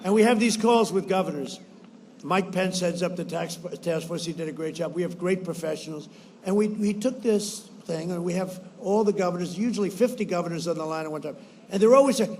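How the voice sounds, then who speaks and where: A man with a fairly high voice holds forth at a campaign rally. He brags, repeats himself, and swings between loud bursts and quieter asides, acting out other people's words in quotes. A faint hiss of noise sits behind him. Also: fairly quick. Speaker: politician addressing supporters.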